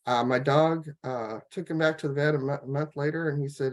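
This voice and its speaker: A woman on a laptop video call, telling her personal health story in a rambling, halting way, full of fillers and restarts. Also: sits low, fairly even intonation. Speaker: guest sharing a health testimonial. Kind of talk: casual personal testimony.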